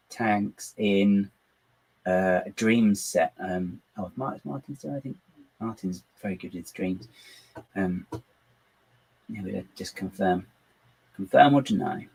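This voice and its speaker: A man with a fairly low, slightly mellow, husky voice hosts a casual livestream from home, heard through a rough recording. Building models on his computer for his channel, he rambles, pokes fun at himself, and talks to himself and his dog.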